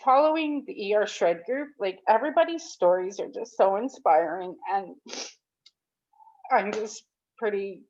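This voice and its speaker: On a group call, a woman in her thirties or forties gives a rambling, emotional testimonial as a program participant, upbeat yet tearful at times. Her mid-range voice has a darkish tone and a slightly slow pace, heard through dull lo-fi call audio.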